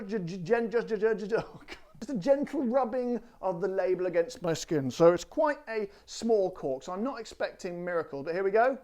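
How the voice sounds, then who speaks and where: A man's voice: sits high, very animated, darkish tone. Exuberant, theatrical man presenting a review. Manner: theatrical and exuberant, drawn-out emphasis. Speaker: gin reviewer and channel host. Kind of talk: presenting a product review to camera.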